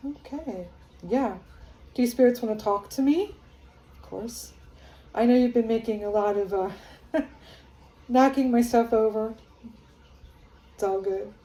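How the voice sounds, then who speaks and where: Psychic lady rambling slow at home, lots of ums, kinda high mellow voice, echoey room. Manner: rambling, hesitant, with many fillers; grows excited and awed while channeling. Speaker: psychic medium vlogger. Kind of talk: casual spirit-channeling vlog. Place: her home, near living room and kitchen.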